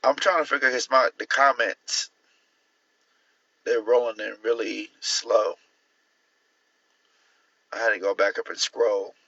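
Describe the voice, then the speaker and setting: A man's voice: mid-range voice, fairly even intonation, measured pace, long pauses, bright, forceful tone, breathy edge, lo-fi sound. A man hosting a casual livestream and reacting to posts, laughing often, incredulous and swearing freely. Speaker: livestream host.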